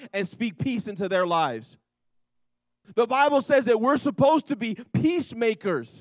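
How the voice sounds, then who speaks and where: A man's voice: very high-pitched, no echo, lo-fi sound. A man preaching a sermon in a loose, conversational way, acting out the scenes he tells in quoted voices. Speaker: pastor.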